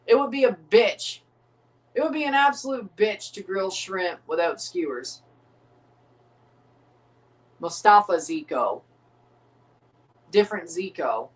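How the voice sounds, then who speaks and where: A woman's voice: mid-range voice, expressive, takes it slowly, long pauses, distant mic, poor audio. A woman hosting a live watchalong stream, rambling and joking in casual commentary while reading out viewer chat. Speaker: livestream host.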